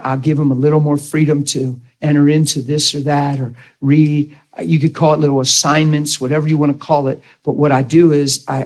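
A man's voice: fairly high pitch, low-quality recording. A man teaching a ministry class in a blunt, conversational way, often acting out the people he quotes. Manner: animated, blunt, acts out quoted voices.

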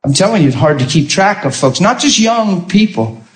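Animated male preacher in an echoey room. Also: high voice, normal speed. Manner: animated storytelling, acting out quotes. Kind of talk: sermon.

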